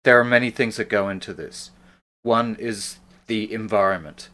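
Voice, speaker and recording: A man's voice: fairly low pitch, normal speed, fairly bright tone. A man co-hosting a casual talk show who argues bluntly and swears. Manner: blunt, profane, argumentative. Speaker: co-host. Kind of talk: casual chat.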